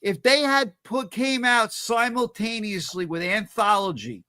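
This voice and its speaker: A man's voice: high voice, expressive, unhurried, bright, forceful tone. A man in a casual podcast chat, talking in an opinionated, emphatic way.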